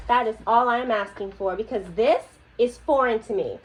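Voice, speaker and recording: A woman's voice: fairly high pitch, moderate pace, few pauses, slight background noise, low-quality recording. Woman with pointed, sarcastic praise. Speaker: employee in workplace meeting. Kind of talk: heated workplace meeting.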